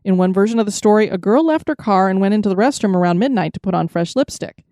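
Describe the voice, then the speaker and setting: Female podcast storyteller, mellow and dry, measured reading of spooky tales. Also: mid-range voice, lively intonation, no room sound. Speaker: podcast host. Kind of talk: storytelling narration.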